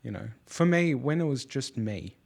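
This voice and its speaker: A man's voice: medium pitch, lively intonation, normal speed, gravelly, darkish tone. A man and father hosting a podcast, talking casually and rambling with lots of fillers and restarts. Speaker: podcast host.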